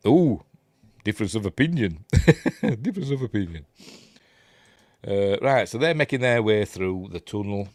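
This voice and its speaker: Low-voiced Yorkshire man rambling through a film. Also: no room sound. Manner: rambling, self-correcting, chuckling. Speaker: film reviewer. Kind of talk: casual scene-by-scene film commentary.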